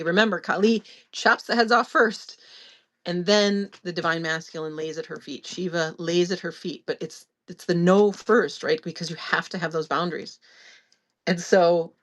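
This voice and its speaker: A woman's voice: on the low side, a bit bright. A woman hosting her podcast, telling a personal story in a candid, emotional way, often restarting her sentences. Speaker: podcast host.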